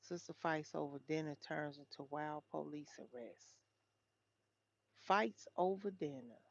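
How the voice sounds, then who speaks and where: A woman's voice: sits low, measured pace, gravelly, dull audio. A woman hosting a casual livestream, chatting with viewers and reading headlines aloud. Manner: chatty, talks straight to viewers. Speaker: livestream host.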